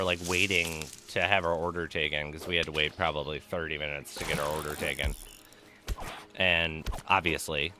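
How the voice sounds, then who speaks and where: A man streaming a game, chatting casually and telling stories in an animated, ranting way, swearing freely. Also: very deep voice, noisy background. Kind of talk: casual live-stream chat while gaming.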